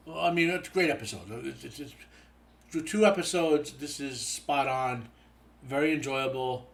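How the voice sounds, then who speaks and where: A man's voice: medium pitch, moderate pace, vocal fry. A tired man hosting a show, giving a casual spoken episode review that rambles with many fillers and restarts. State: tired, yawning.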